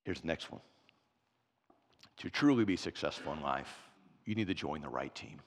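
A man preaching a sermon in a church, telling stories with big swings from quiet to shouting. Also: very deep voice, animated, moderate pace. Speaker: pastor. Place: church sanctuary. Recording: preaching in a church hall with long reverb.

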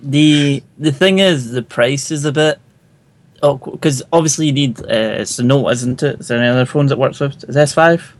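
A man's voice: medium pitch, normal speed. A man with a British accent co-hosting a casual online chat, easygoing and wry. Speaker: podcast co-host.

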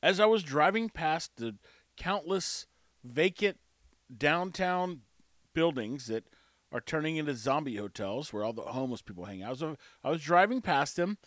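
With a sing-song, fairly bright voice on the high side, a male host talks at normal speed and rambles through a self-mocking anecdote with wry humor. Recorded on a close mic with no echo, it's a casual storytelling monologue.

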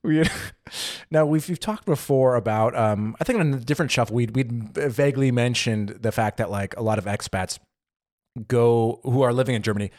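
In clean studio sound with no echo, a young podcast co-host based in Germany tells a story during a casual chat, animatedly voicing small quotes along the way. He speaks at a medium pitch and a moderate pace.

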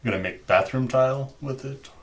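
A man's voice: medium pitch, fairly quick, a little hiss or hum, pitched above the performer's own voice, close to an everyday voice. A man voicing a wry Russian forger with a put-on Russian accent. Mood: gruff, wry. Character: gruff older Russian male forger, dry and wry.

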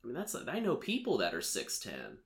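A man's voice: medium pitch, wildly swooping pitch, a little fast. A man hosting a casual chat show, recapping a film in a rambling way with lots of filler words and laughs. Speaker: podcast host recapping a film.

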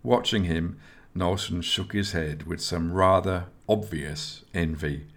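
Deep-voiced man narrating a story. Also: slow pace. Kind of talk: audiobook narration.

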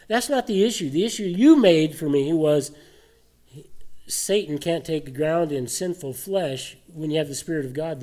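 A man preaching a sermon, animated and full of rhetorical questions and scoffing laughs. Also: on the high side. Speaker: pastor.

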